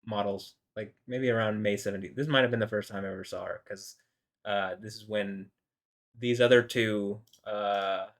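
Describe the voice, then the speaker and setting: A man's voice: lowish voice, fairly even intonation, moderate pace. A man rambling in an indignant solo commentary, full of filler words and restarts. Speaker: video host.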